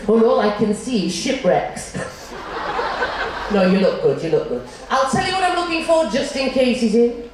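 A woman's voice: on the high side, animated, moderate pace, distant mic, noisy background. An older woman, a cruise ship entertainer, doing bawdy stand-up and teasing the crowd on stage. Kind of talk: stand-up comedy and singing on stage. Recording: echoey live hall, band and crowd.

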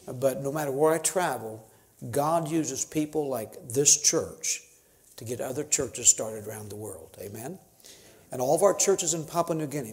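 A man's voice: medium pitch, moderate pace, gravelly, a little mellow. A man in his fifties, a missionary preaching a sermon in church, folksy and conversational, building to emphatic preaching. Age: 50s. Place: church sanctuary.

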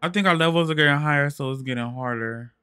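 A man streaming a game, chatting with friends in loud, excitable, slangy trash talk. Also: on the high side, fast, clean tone, no echo, studio quality. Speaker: gaming streamer. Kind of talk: casual gaming chat.

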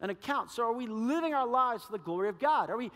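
A man preaching a sermon as pastor, animated and acting out little quoted voices. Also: extremely high pitch, fast, long reverb tail. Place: church sanctuary.

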